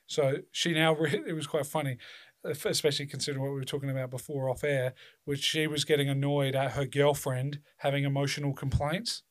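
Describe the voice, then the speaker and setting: A man's voice: medium pitch, level tone, fairly quick. A man chatting casually as a podcast co-host, rambling and swearing, acting out quotes in little voices. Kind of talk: casual chat.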